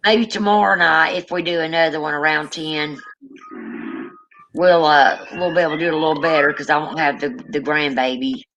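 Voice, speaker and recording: A woman's voice: sits low, fairly even intonation, moderate pace, fairly bright tone, lo-fi sound. An older woman with a grandchild, chatting casually on a live stream, rambling, trailing off and yawning. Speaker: co-host.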